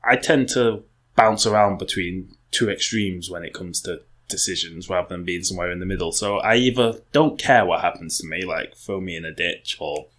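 A young man with a lowish voice talks through a podcast topic in loose, casual chat. He wanders and restarts his sentences, leaning on lots of "like" and "you know" as he thinks aloud. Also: moderate pace, fairly bright tone. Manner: rambling, full of "like" and restarts. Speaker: podcast co-host.

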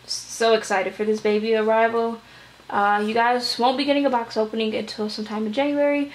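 Young woman vlogger, rambling and chatty, slightly breathless, higher voice, echoey room. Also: flat delivery, a little fast. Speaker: doll-collecting vlogger. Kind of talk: casual vlog chat.

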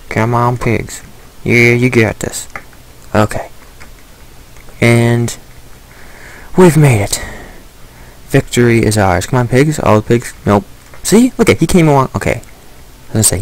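A man's voice: lowish voice, a little mellow, poor audio. A man giving casual let's-play commentary, playfully talking to the animals in the game. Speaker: gaming commentator.

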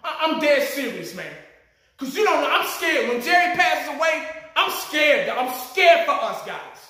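A man's voice: very high voice, sing-song, unhurried, bright, forceful tone. A man vlogging as a sports fan, ranting animatedly with plenty of profanity. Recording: very echoey room.

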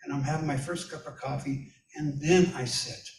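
A man's voice: a little high, fairly even intonation, moderate pace, slight background noise. A male pastor giving a conversational sermon, telling personal stories in a folksy way and speaking directly to his listeners. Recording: echoey room, distant from mic.

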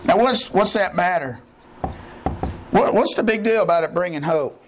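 Man, pastor preaching, high voice, fiery and folksy, faint noise behind. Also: animated, moderate pace. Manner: impassioned preaching, rising to shouts, folksy grammar. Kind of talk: sermon. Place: church.

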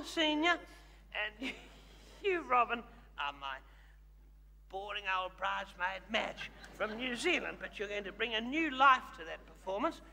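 A man playing Dame Edna, a bright theatrical diva. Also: extremely high pitch, heavily acted. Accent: Australian. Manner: bossy, fussing and self-adoring. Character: brash older woman stage diva. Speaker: comedy host. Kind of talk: live stage comedy. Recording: live theatre with hall reverb.

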